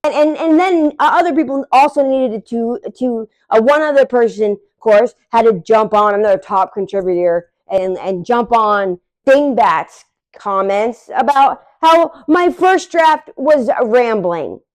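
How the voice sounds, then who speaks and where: Forties woman, high voice, dog-trainer vlogger, talks emphatically and restarts often. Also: animated, unhurried. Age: 40s. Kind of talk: casual unscripted rant.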